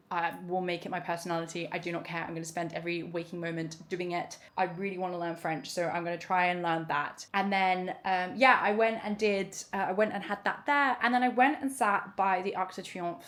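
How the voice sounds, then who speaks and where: A woman in her thirties, a vlogger talking candidly in casual chat, full of fillers. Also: fairly low pitch. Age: 30s.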